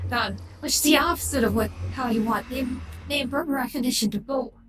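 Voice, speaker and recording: A woman with a high-sitting, slightly bright voice talks at normal speed during a casual livestream. Opinionated and rambling, she restarts her sentences often, and the echoey room has clear background noise.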